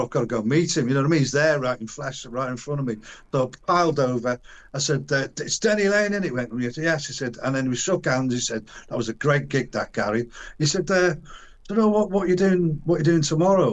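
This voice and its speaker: An older man, a guest in an interview, telling a long casual anecdote in colloquial slang, acting out the voices of the people he quotes and restarting his sentences often. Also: medium pitch. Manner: animated, acts out quoted voices, frequent restarts and chuckles.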